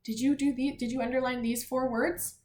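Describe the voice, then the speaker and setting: A woman teaching a lesson to young children, patient and clear, sounding out letters and words one by one. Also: sits high, level tone, fairly quick, a little mellow. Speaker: elementary school teacher. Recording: roomy echo, faint background noise.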